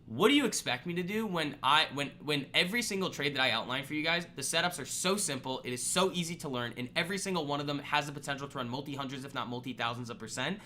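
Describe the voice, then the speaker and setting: A man's voice: on the high side, fast talker, hardly any pauses, bright, forceful tone, slight background noise. A man hosting a live trading stream, ranting bluntly and with exasperation at viewers' poor trades. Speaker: trading livestream host.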